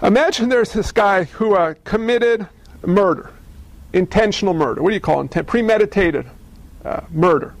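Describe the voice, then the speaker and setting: A man preaching a sermon, telling stories in a conversational, animated way and asking the audience questions. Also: high-pitched, normal speed, vocal fry, no echo. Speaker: pastor.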